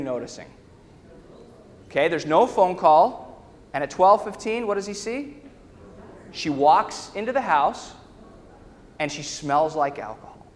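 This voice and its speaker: A man's voice: a little high, a bit bright. A man giving a conference talk, telling a story and often checking in with the audience with questions, "okay?" and "right?". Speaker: conference speaker. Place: large conference hall. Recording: reverberant hall with faint noise.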